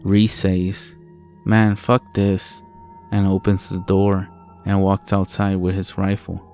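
A man narrating a first-person horror story in a slow, deliberate, profane way. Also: sits low, monotone, warm tone, faint music behind.

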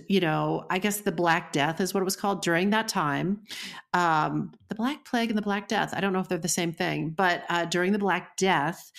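A woman with a somewhat low voice co-hosts a podcast in relaxed chat. She is playful and loose, wandering off on tangents and cursing freely. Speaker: podcast co-host.

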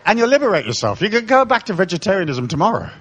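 A man's voice: high-pitched, very animated, very fast, a bit bright, slightly rough, lo-fi sound. A man giving a live spiritual lecture, irreverent, joking and profane. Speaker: spiritual speaker.

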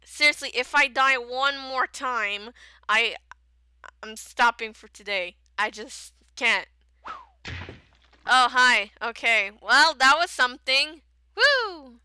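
Very bright-voiced woman muttering through a game. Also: on the high side, takes it slowly, clear, resonant tone, dry recording. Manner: exasperated, mutters and reacts aloud to herself. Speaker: let's play gamer. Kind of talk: casual gameplay commentary.

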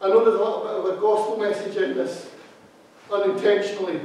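A man's voice: high-pitched, darkish tone. A man preaching a sermon as associate minister, emphatic and repeating key phrases for stress. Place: church. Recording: very echoey hall, speaker far from mic.

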